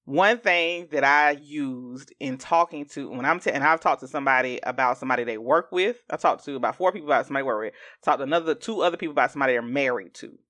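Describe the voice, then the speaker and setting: A woman hosting a podcast in casual chat, animated and acting out what other people say. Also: quick pace, hardly any pauses. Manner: animated, acts out quoted speech in jumps of pitch. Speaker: podcast host.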